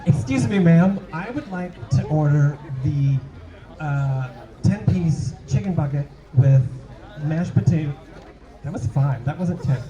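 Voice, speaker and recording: Improv: man as a polite, over-explaining customer, high and lively, over audience noise. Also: a little slow, some chatter behind. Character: polite lactose-intolerant man customer ordering fried chicken. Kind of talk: improv comedy scene. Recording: dull roomy sound, audience noise.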